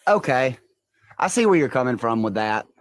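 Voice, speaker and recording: A man with a mid-pitched voice joins a casual voice-chat debate. He talks in a measured, questioning way and uses filler phrases as he works through his point. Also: very animated, dry recording.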